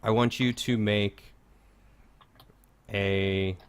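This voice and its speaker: A man's voice: fairly low pitch, steady tone, extremely slow, clear, resonant tone. A man narrating a tabletop game as game master, in a casual, filler-heavy manner.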